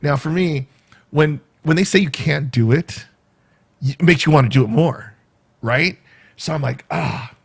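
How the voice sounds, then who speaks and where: A man vlogging casually, retelling a day out in a rambling, animated way with quoted asides. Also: fairly high pitch, measured pace, creaky, husky. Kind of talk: casual storytelling vlog.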